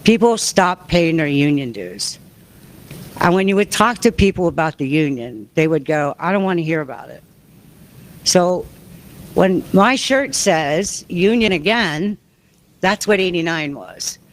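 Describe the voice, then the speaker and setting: A woman's voice: on the low side, lively intonation, measured pace. A woman and union member speaking on a panel, emphatic, acting out quotes as she tells her story. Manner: emphatic, acts out dialogue while telling. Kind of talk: panel talk.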